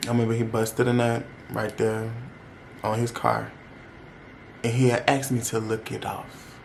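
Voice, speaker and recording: Brief: young male vlogger, casual storytime, candid and slangy, mid-pitched voice. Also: completely flat delivery, a little slow, vocal fry, slight background noise. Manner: candid, chatty, uses slang and addresses viewers.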